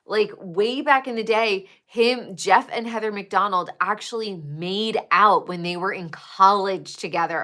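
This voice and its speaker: Slow-talking, bright-voiced woman streamer. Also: mid-range voice. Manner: chatty, profane, gossipy. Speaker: livestreamer. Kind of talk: casual chat with viewers.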